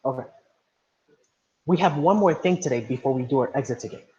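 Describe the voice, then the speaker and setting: A man's voice: mid-range voice, a little fast, a little mellow, muffled recording. A man teaching an online class, patient, often checking understanding with "right?". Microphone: video call.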